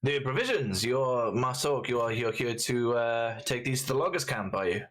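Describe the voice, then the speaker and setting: A man plays a friendly male shopkeeper behind his counter, helpful and a little halting as he gives directions. His voice sits mid-pitch, in a plain everyday tone. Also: a bit bright, lightly acted.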